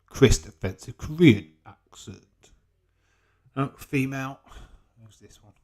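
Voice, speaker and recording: A man's voice: mid-range voice, slow pace, a little mellow. A British man hosting a casual live watch-along stream, chatting, swearing freely and reading out viewer comments. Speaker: livestream host.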